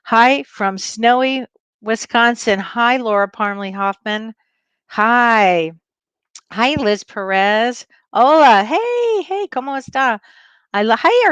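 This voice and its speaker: A woman's voice: fairly high pitch, a bit bright, smooth, no room sound. A woman hosting a casual livestream as a spiritual medium from home. She talks in a bubbly, effusive way and laughs often.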